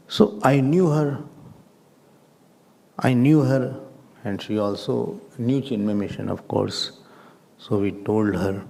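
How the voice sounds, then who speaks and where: A man, a swami giving a spiritual discourse as an animated storyteller who acts out other people. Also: lowish voice, vocal fry. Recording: long reverb in a hall.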